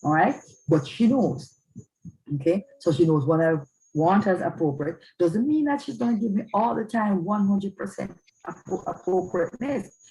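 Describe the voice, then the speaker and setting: A woman's voice: mid-range voice, lively intonation, normal speed, mellow, low-quality recording. A woman giving a talk on parenting in a church, earnest and often checking in with her listeners. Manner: earnest, checks in with "all right?". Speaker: speaker on parenting.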